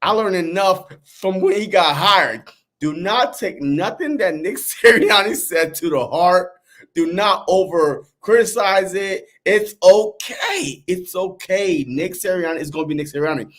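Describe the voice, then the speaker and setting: A man co-hosting a casual sports podcast, animated and laughing, slipping into dramatic mock voices. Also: high voice, moderate pace. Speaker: podcast co-host.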